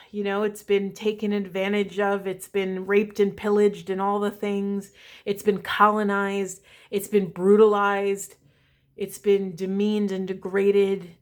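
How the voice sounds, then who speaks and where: Earnest woman leading a spiritual reading. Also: mid-range voice. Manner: earnest, reflective, often asks "right?". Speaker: spiritual reader and coach. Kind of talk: spiritual reading with guided meditation.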